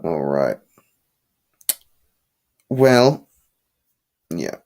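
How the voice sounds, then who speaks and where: A man's voice: a bass voice, wildly swooping pitch, drawn-out words, creaky, darkish tone. A young man hosting a late-night live chat with viewers, talking casually and rambling with restarts and opinionated asides, sleepy and yawning. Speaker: livestream host.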